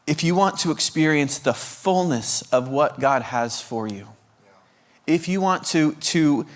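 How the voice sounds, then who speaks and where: Pressing his point, this man stammers, repeats himself and restarts while preaching a sermon as a guest preacher, piling on rhetorical questions. He speaks with a fairly high, animated voice at a measured pace.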